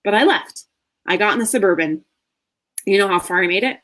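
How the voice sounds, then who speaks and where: A woman in her thirties, a marriage coach, telling a candid personal story in a masterclass with earnest warmth and the odd soft laugh. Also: mid-range voice, animated, fairly quick. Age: 30s.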